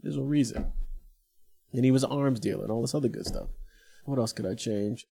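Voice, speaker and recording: A middle-aged man co-hosting a casual chat, animated and laughing often. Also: mid-range voice, a little fast, gravelly, a little hiss or hum. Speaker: podcast co-host.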